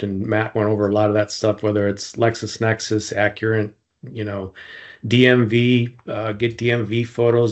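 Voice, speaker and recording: A man's voice: fairly low pitch, a little mellow, dull audio. A man, a guest investigator, giving practical advice in a matter-of-fact way.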